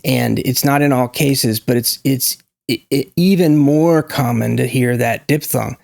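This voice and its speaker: Gravelly-voiced opinionated man. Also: mid-range voice, a little slow, a little mellow, dry recording, studio quality. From United States. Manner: opinionated, emphatic, demonstrating sounds. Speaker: YouTube language commentator. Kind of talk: casual to-camera talk on pronunciation.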